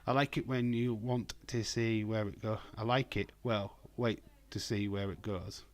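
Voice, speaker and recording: A man with a hoarse voice, hosting a casual live stream from home and talking in a blunt, rambling way. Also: lowish voice, steady tone, measured pace. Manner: blunt, rambling, profane, reads chat aloud.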